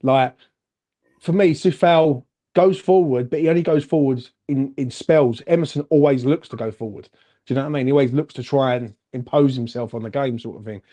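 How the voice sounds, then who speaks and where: A man co-hosting a casual football fan chat, animated and chatty, calling everyone "mate". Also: medium pitch, fairly quick. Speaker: fan channel co-host.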